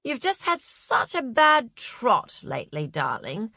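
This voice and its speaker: Flustered, gushing male agent, read by a woman; lively pitch, dry close sound. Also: creaky, no echo, exaggerated voice. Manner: gushing, hurried, self-reproaching.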